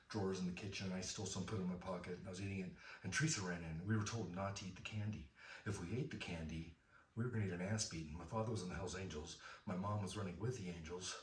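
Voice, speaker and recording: A middle-aged man from Southern California, rambling through a self-deprecating personal story with fillers and restarts. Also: deep voice. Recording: roomy, from a distance.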